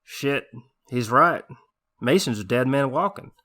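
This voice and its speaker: A man's voice: mid-range voice, expressive, measured pace, sharp tone. A man voicing a brash, rowdy cowboy with a crude, folksy swagger. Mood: cocky.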